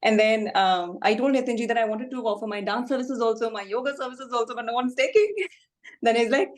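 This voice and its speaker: A woman's voice: a little high, fairly even intonation, fairly quick. A woman talks over a video call, telling a personal story in a chatty way, full of fillers and laughs. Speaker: class participant sharing testimony.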